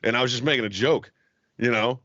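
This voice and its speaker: A man's voice: mid-range voice, fairly quick, a bit bright, no echo. A young man co-hosting a podcast, telling a long story in casual chat, swearing constantly and laughing often. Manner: profane, laughing, rambling storyteller. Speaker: podcast co-host. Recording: dull lo-fi sound.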